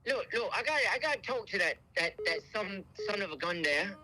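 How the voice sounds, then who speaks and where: A man's voice: high-pitched, animated, fairly quick, pitched above the performer's own voice. A man on a phone call putting on a fake British accent to play an irate male customer who stammers through his complaints. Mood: angry, blustering. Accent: put-on British.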